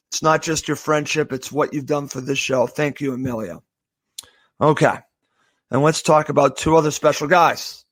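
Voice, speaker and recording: A man from the area, hosting a podcast and giving an emotional farewell, halting and full of thanks. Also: on the high side, dry recording. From Boston area, USA. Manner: halting, with repeated thanks and restarts. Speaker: podcast host. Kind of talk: heartfelt farewell monologue.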